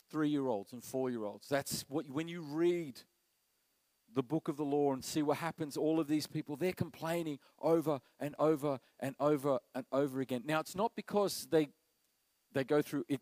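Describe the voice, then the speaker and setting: A middle-aged man, preaching a sermon as pastor, animated and acting out quoted voices. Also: fairly high pitch, normal speed, no room sound, low-quality recording.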